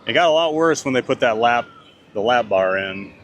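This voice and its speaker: A man's voice: mid-range voice, lively intonation, normal speed, fairly bright tone, slight background noise. Chatty man live-streaming outdoors. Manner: chatty, reads viewer comments aloud and answers them. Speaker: theme park vlogger reading live chat. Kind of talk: casual live-stream chat. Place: outdoors at a theme park.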